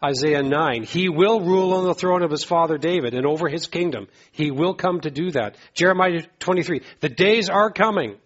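Male pastor mid-sermon; emphatic, repetitive delivery; husky, muffled recording. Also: moderate pace, hardly any pauses. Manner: emphatic, repeats phrases, rises in pitch to exhort.

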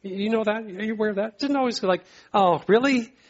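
A man preaching a sermon, emphatic and repetitive, rising in pitch when he exhorts the congregation. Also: rapid-fire, dull audio. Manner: emphatic, repeats phrases, rises in pitch to exhort. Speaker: pastor.

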